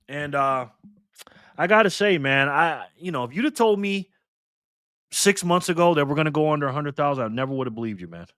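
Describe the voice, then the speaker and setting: A man's voice: on the high side, lively intonation, fairly quick, pauses often, fairly bright tone, smooth, dry recording, studio quality. A man hosting a casual livestream, talking in a slangy, playful way and thanking viewers by name. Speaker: livestream host reading donations.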